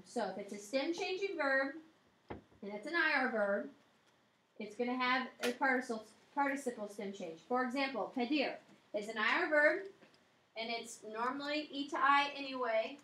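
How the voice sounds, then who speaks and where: A woman's voice: a little high, normal speed, bright, forceful tone. A woman teaching a Spanish grammar lesson, explaining patiently and checking in with her listeners. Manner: explains patiently, checks in with "okay" and "all right". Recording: echoey room with faint noise.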